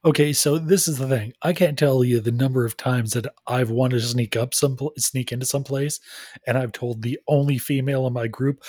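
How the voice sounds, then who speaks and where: Casting: man, podcast co-host, wry and chatty, husky tone, dry sound. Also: mid-range voice, steady tone, normal speed, darkish tone, no room sound. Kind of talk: casual chat.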